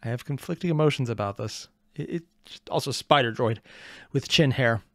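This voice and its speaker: A man's voice: mid-range voice, normal speed, fairly bright tone, dry recording, studio quality. A man hosting a reaction video, making wry, rambling asides in casual commentary.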